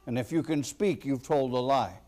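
A man preaching a sermon as a pastor, slow and deliberate with sudden loud emphatic bursts. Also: medium pitch.

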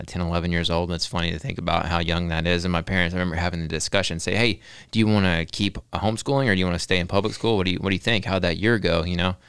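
A man's voice: sits low, a bit bright, smooth, dry recording, studio quality. A man, talking earnestly as a podcast guest, often repeating words while he thinks and adding "right?". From Texas. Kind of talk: casual podcast interview.

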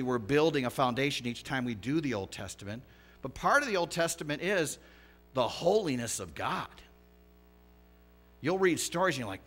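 A pastor delivering a conversational, animated sermon, swinging from hushed asides to loud emphatic lines. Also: male voice, fairly high pitch. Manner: lively, conversational preaching with big swings in loudness.

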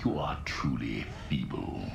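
A man playing a menacing dark lord, a deep, commanding villain heard from an old video tape. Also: noisy background, heavily acted. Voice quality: deep, gravelly and slow. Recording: echoey old VHS tape audio.

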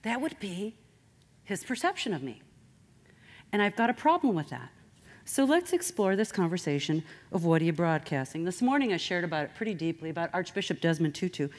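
A woman giving a motivational talk, animated and straight-talking. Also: on the low side, brisk. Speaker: speaker.

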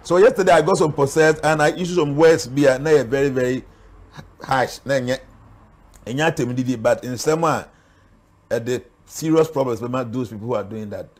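A man's voice: mid-range voice, moderate pace. A man with a Ghanaian accent, a spiritual guest speaking earnestly in an interview, warning and preaching. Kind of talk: interview talk mixing Twi and English.

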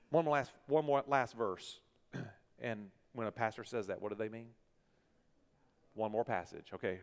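Animated preacher with hall reverb. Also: male voice, medium pitch. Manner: animated preacher, swings from soft to loud. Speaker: pastor. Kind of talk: sermon. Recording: long church hall reverb.

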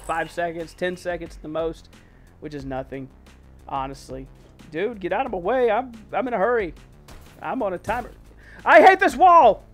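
Male gaming host, higher register, exclaiming through play over faint game music. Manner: excitable, exclaiming, mild self-censored oaths. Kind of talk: let's play commentary.

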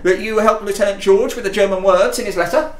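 A man's voice: high-pitched, steady tone, fast, close to an everyday voice. A man playing a sardonic British army captain who talks in a dry, cutting way. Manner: dry, sarcastic. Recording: roomy echo.

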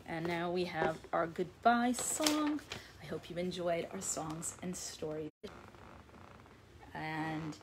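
Woman, children's librarian, story time read-aloud, expressive, lowish voice. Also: a little slow, noisy background.

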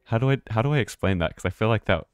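A man with a low voice chats loosely while playing a game on stream, wandering from thought to thought and swearing freely. The sound is dry and close, with no room behind it. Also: lively intonation, rapid-fire, smooth, no echo. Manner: rambling, chatty, swears and laughs often. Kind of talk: casual live gameplay commentary.

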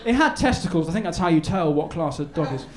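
On stage at a live comedy venue, a man with a fairly high, expressive voice talks fast through a rambling story full of stammers and restarts. The stand-up set is recorded in an echoey room with noise.

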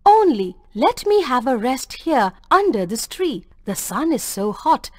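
Woman narrator doing an old beggar man, worn out, wailing; high and lively, dry read. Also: unhurried, dry recording, exaggerated voice. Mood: weary. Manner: loud wailing cries, then tired and quiet. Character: weary old male street beggar.

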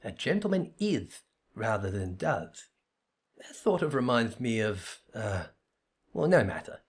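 A man's voice: lowish voice, big pitch swings, a little slow, husky, heavily acted. A man voicing a bubbly, trigger-happy young female assistant in a perky, eager, raised voice for a fantasy game read-through. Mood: cheery.

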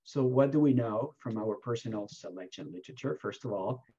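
A husky-voiced man speaks as a keynote award speaker, answering questions with lively, emphatic storytelling. His voice sits in a middle register. The sound is dull and lo-fi, like video call audio. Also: medium pitch, brisk.

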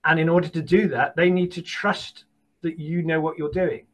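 A British man, an audiobook casting producer, giving encouraging advice in an animated way as a guest, often repeating and restarting words. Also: a little high, normal speed, low-quality recording. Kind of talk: conversational interview advice.

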